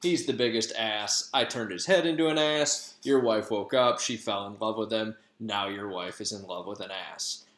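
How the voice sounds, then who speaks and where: A man's voice: fairly low pitch, moderate pace, hardly any pauses, fairly bright tone, faint music behind. A male teacher casually retelling a play to his class in slangy, conversational talk. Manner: slangy, conversational, lots of fillers. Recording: echoey room.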